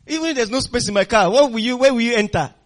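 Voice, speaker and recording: A man's voice: very high voice, fast. A man preaching a sermon as pastor, emphatic and calling for responses from the congregation, often laughing. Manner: laughs often, swings loud and soft.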